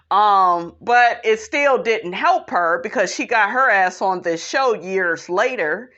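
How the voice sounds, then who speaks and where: A woman's voice: medium pitch, expressive, slow pace, hardly any pauses, bright, forceful tone, lo-fi sound. A woman vlogger giving a sassy, opinionated recap commentary, often calling viewers honey and child. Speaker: reality show recap vlogger.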